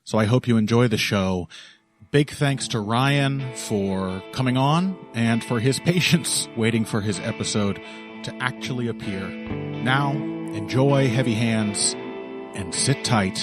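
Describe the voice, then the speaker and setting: A man's voice: mid-range voice, measured pace, over music. A man hosting a podcast in casual chat, joking and laughing often. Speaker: podcast host.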